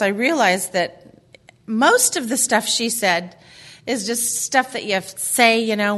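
A woman's voice: mid-range voice, fairly bright tone. A middle-aged woman giving a casual faith talk to a group, chatty and laughing often as she reads quotes aloud. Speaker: women's ministry speaker.

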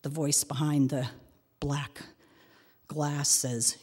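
A middle-aged woman telling a personal story in a prayerful, expressive way, sometimes dropping to a whisper. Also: a bass voice, takes it slowly, breathy edge, long reverb tail. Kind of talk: devotional reflection and personal storytelling.

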